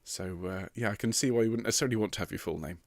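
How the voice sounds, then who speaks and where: A man's voice: on the low side, rapid-fire, creaky, dry recording. A man leading a choir rehearsal online from home, greeting singers one by one with chatty teasing, his voice a little sandpapery. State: slightly rough, sandpapery voice. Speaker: choir director. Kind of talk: live online rehearsal chat. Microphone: computer mic on a video stream.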